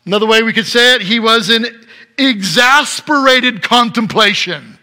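Bright-voiced preaching man. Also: very high voice, moderate pace. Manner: animated preaching, swings from loud emphatic to soft. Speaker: pastor. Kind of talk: sermon.

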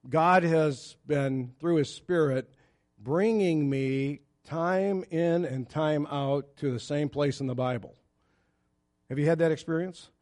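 A man's voice: fairly high pitch, darkish tone. A man preaching a sermon in an earnest, conversational way, stressing scripture quotes. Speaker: pastor.

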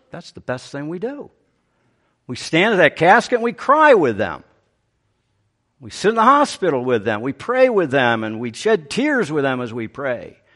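A man preaching a sermon, swinging from raised, emphatic phrases to hushed, gentle ones. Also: mid-range voice. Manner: animated preaching, voice rising and dropping to a hush. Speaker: pastor.

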